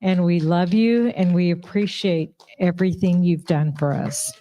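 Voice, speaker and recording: A woman's voice: lowish voice, fairly even intonation, a little slow, mellow. Woman handing out an award, rambly and chatty, says stuff twice. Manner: chatty, rambling, repeats herself. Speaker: award presenter. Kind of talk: informal speech at an awards ceremony. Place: live awards event.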